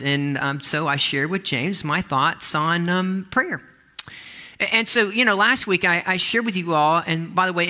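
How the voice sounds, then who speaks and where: Middle-aged guy preaching, bright ringing voice, kinda rambly, lots of restarts. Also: a little high. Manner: rambling, full of restarts and asides. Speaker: pastor. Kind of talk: conversational sermon.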